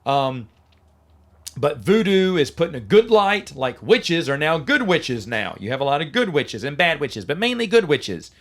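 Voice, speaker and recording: Middle-aged guy doing a solo podcast rant, opinionated and sarcastic, a bit higher voice than most men. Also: moderate pace. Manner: opinionated, sarcastic, mocks lines in a flat voice. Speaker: podcast host. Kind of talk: casual solo review monologue.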